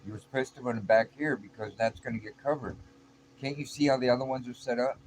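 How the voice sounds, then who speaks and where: A man's voice: medium pitch, very animated, normal speed, darkish tone, voice pushed up, lightly acted. A man voicing a frustrated male coworker on a roofing job, scolding and exasperated. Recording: noisy background.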